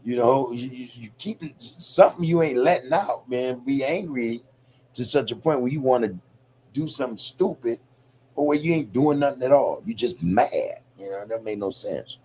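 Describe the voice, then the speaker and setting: A man's voice: medium pitch, animated, moderate pace, dark tone, slight background noise. A man hosting a podcast, talking in a reflective, loose, profane way, peppered with "you know, man". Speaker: podcast host. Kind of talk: casual podcast monologue.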